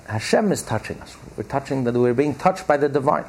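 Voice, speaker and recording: A man leads a class, expounding a text with emphatic repetition and slowing down on the phrases he wants to land. His voice has a gravelly fry and a husky, slightly rough edge. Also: medium pitch, expressive, darkish tone. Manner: emphatic, repeats key phrases slowly. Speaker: Torah class teacher.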